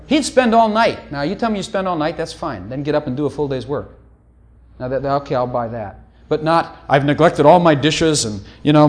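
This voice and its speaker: A middle-aged man preaching a sermon in a conversational, teasing way, often breaking off to ask "hello". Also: a little high.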